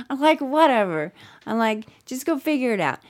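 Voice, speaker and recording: A woman's voice: high voice, normal speed. A middle-aged mother chatting casually, telling a story with lots of acted-out quotes and frequent swearing. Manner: animated storyteller acting out quotes, swears often. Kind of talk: casual podcast chat.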